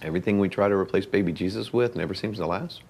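An actor playing a cheerful, oblivious dad in a comedic church skit, rambling earnestly with fillers. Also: male voice, low-pitched, fast, darkish tone, slightly rough. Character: goofy cheerful dad with a levitating star topper.

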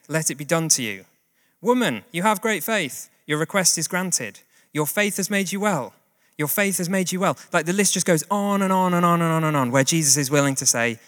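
A man's voice: a little high, fairly bright tone, clean tone. A man preaching a sermon in a conversational, plain-spoken way with casual asides. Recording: long hall reverb.

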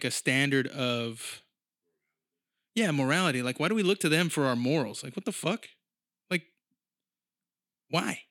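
A man in his thirties rambles through a casual podcast monologue and swears freely. His voice sits in a middle pitch. It is recorded close and dry, with no room sound. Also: fairly bright tone, dry recording. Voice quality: profane, rambling storyteller. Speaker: podcast host.

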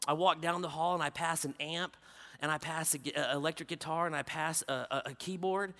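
A man preaching a sermon as a story, swinging from loud exclaiming to hushed, quiet narration. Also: fairly high pitch, steady tone, fairly quick.

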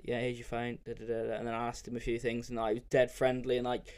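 Young bloke, solo podcast host, casual and rambling, swears freely, mid-pitched voice. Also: male voice, completely flat delivery, rapid-fire, darkish tone. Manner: rambling and candid, with frequent fillers and swearing.

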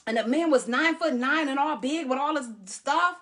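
A woman pastor preaching a sermon, animated and calling out to the congregation. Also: sits high, normal speed. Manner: animated preaching, calls out to the congregation, acts out voices.

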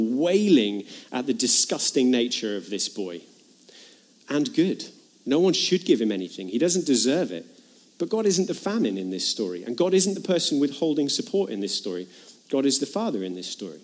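A man preaching with earnest conviction, pushing his voice up in pitch and volume to drive home each point. He retells a parable with dramatic flair, then drops back into a plain, conversational tone with the congregation. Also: darkish tone. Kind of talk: sermon.

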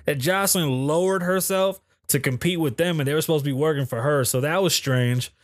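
Podcast host, male, casual solo chat from home, a slightly high voice that is dry and close, with a blunt and cussing delivery. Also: a little fast, no room sound. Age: adult, calls himself too old for festivals. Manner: blunt, profane, rambling. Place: home in Las Vegas.

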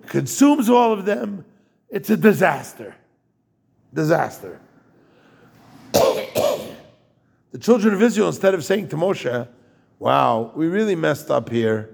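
A man's voice: high-pitched, creaky, slightly rough. A man giving an informal Torah talk as a rabbi, jokey and digressive, and turning to ask his listeners questions.

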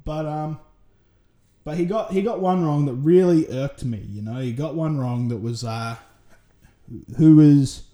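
A man's voice: fairly high pitch, measured pace, pauses often, mellow. A man with an Australian accent hosting a solo podcast, rambling through a casual, sweary monologue full of tangents. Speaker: podcast host.

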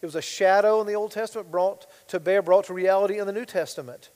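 A man preaching a sermon as pastor, swinging between loud emphatic bursts and quiet asides. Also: high-pitched, quick pace, big-room sound, poor audio.

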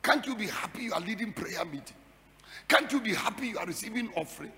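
A man preaches a fiery sermon in a very high, lively voice, repeating phrases and building them into shouted, sing-song climaxes. His tone is bright and gravelly. Long reverb from a hall trails behind every line. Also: quick pace. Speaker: pastor.

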